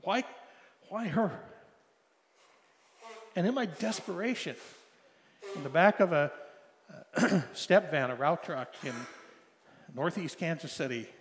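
A middle-aged man preaching a sermon, telling a personal story with emotional swings from loud pleading to soft hushed tones. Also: fairly high pitch, lively intonation, measured pace, pauses often, a little hiss or hum. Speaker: pastor. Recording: long hall reverb.

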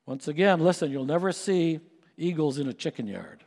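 A middle-aged male pastor preaching a sermon, building to emphatic peaks and then dropping to hushed tones. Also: on the high side, lively intonation, normal speed, long reverb tail.

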